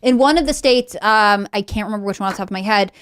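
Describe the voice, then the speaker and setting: Woman, guest commentator, measured explanation, tag questions, dry close mic. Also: medium pitch, a bit bright, smooth, no echo. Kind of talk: political panel discussion.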